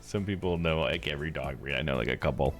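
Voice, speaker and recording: A man's voice: a bass voice, fast, faint music behind. A man streaming a game live, chatting in a laid-back way, laughing and talking to his dog. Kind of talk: live game playthrough with read-aloud dialogue.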